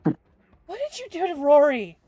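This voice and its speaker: A woman's voice: sits high, wildly swooping pitch, unhurried, mellow, no echo, dull audio, pitched above the performer's own voice, exaggerated voice. A woman voicing a prim, protective mother figure in a tabletop role-play, speaking firmly. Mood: dry. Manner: firm, scolding.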